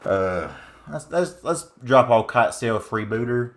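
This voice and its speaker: A man voicing a loud, folksy rural Southern man with a put-on Southern US accent, drawling and hollering through gameplay commentary. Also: mid-range voice, lively intonation, takes it slowly. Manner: drawling, hollering, swearing exclamations. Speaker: card game streamer.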